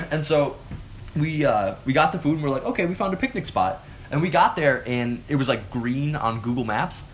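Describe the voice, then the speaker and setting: A man's voice: mid-range voice, normal speed, slight background noise. A man co-hosting a casual chat and telling stories animatedly, with lots of "like" as a filler. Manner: animated storytelling, heavy use of "like". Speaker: co-host.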